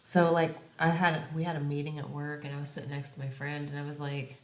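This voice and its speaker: A woman co-hosting a podcast, telling stories in a low-key, laughing way. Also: monotone, fast, slight background noise. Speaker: podcast co-host. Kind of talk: casual chat.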